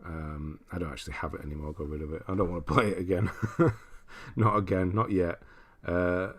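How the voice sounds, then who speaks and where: A man from Britain hosts a relaxed livestream, working through viewer comments one by one. His voice sits low and deep. He chats loosely and laughs often as he goes. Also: brisk, slightly rough. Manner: chatty, laughs often, reads chat aloud. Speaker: livestream host. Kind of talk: casual livestream chat reading viewer comments.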